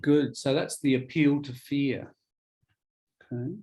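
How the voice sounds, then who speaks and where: A man teaching English in a relaxed one-on-one lesson, explaining ideas patiently and spelling words out. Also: medium pitch, takes it slowly, low-quality recording.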